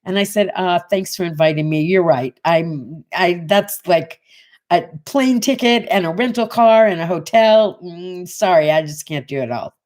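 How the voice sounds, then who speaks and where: A woman's voice: fairly low pitch, normal speed. A woman in her sixties hosting a morning show, telling a casual story and acting out the voices of the people in it. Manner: animated, acts out voices in her anecdotes.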